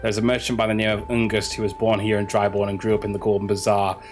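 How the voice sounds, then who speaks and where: A man's voice: fairly low pitch, little pitch movement, quick pace, faint music behind, natural voice. A man reading aloud an earnest male investigator from a game, stumbling on words now and then. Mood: steady. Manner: reads quest dialogue aloud, stumbling on words.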